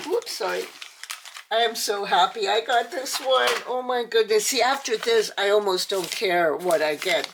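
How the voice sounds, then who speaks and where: A woman's voice: medium pitch, slight background noise. Older lady chatting through an unboxing, gushy, lots of ums, takes her time. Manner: gushing, chatty, frequent fillers. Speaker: toy channel host. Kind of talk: casual unboxing chat.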